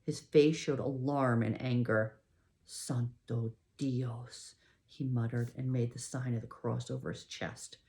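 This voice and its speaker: A woman with a notably low voice reads a first-person story aloud as an audiobook. Her narration is expressive and carries emotion. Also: normal speed, few pauses. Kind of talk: scripted narration.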